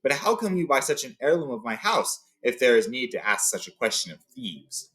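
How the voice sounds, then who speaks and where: A man voicing a proud, furious male dwarf king who shouts in anger while reading a story aloud. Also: medium pitch, sing-song, moderate pace, low-quality recording. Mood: wrathful. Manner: shouting, wrathful.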